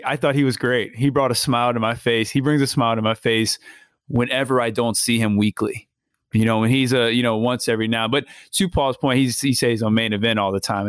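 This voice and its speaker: A man co-hosting a casual wrestling podcast, halting and repeating words as he talks. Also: medium pitch, dry recording, studio quality. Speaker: podcast co-host.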